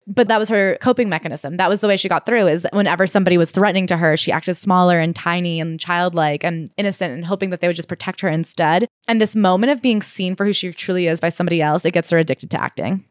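A woman's voice: on the low side, fast, few pauses, dry recording, clean studio sound. A young adult woman, a podcast co-host, casually retelling a memoir and acting out the quoted voices. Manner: animated storyteller, acts out quoted voices.

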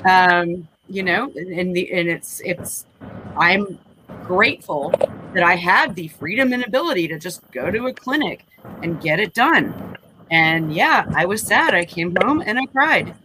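A woman's voice: fairly low pitch, lively intonation, measured pace, noisy background. A woman in her forties speaking candidly in a casual panel discussion, rambling with frequent restarts. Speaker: panel guest.

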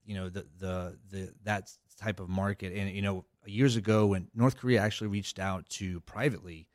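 A man's voice: deep voice, steady tone, normal speed, no echo, studio quality. A man talking as a guest on a podcast interview, rambling with many fillers and restarts. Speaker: cybersecurity guest. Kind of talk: casual interview talk.

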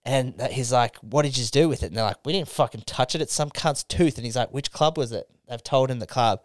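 A young Australian man with a smooth, clean voice spins a crude yarn for his mates. He swears freely and slips into the voices of the people in his story. The sound is close and dry, like a podcast mic. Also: medium pitch, a little fast, no echo. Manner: animated, swearing yarn-spinner acting out quotes. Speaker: podcast host. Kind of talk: casual storytelling chat.

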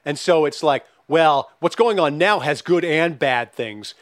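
A man's voice: fairly high pitch, unhurried, no echo. Male podcast host, bouncy upper-range voice, dry close mic, casual and profane. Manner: animated, profane, reads listener questions.

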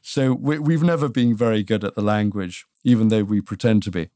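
A man's voice: lowish voice, a little fast, mellow, no room sound. Wry British man on a dry mic. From Britain. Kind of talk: casual history podcast chat.

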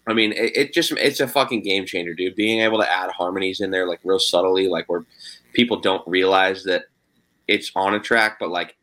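A man's voice: low-pitched, a little fast, a bit bright. A young man, a guitarist, chatting casually, swearing often and saying "dude" and "like" a lot. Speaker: guitarist in a band. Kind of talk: casual chat.

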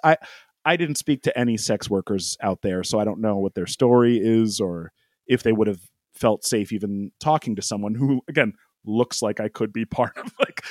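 A man's voice: mid-range voice, dry recording, clean studio sound. A man telling a travel story in a casual chat, rambling with lots of fillers, laughing often and acting out quoted lines.

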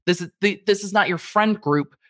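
A woman's voice: mid-range voice, normal speed, no room sound, studio quality. A woman hosting a casual commentary show, talking animatedly and putting on exaggerated quoted voices. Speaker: commentary host.

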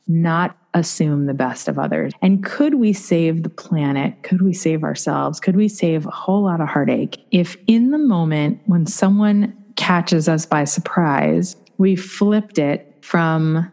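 A middle-aged woman from New York, a podcaster, telling a personal story in a chatty, expressive way. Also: sits low, unhurried, hardly any pauses. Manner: chatty, expressive, acts out quoted voices.

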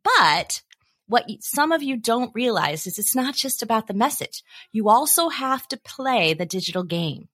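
A woman answering interview questions, telling lively stories and acting out the dialogue she quotes. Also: fairly high pitch, moderate pace, breathy edge. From South Africa. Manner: animated storyteller, acts out quoted dialogue. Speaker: podcast guest.

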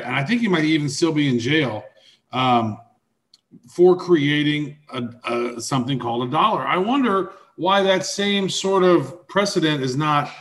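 A man's voice: fairly high pitch, fairly bright tone. A man with a Midwestern accent co-hosting a casual crypto news chat, joking and rambling with filler words. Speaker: co-host.

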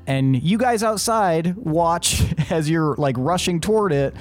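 A man's voice: on the high side, lively intonation, a little slow, soft background music. A man narrating as game master in a tabletop game, loosely and with lots of "like" and restarts. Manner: loose narration full of "like" and restarts, laughing along.

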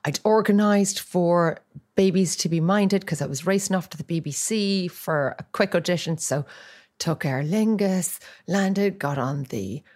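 A middle-aged Irish woman in casual chat, telling self-mocking stories in an animated way. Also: lowish voice, a little slow. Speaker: podcast co-host, actress, mother.

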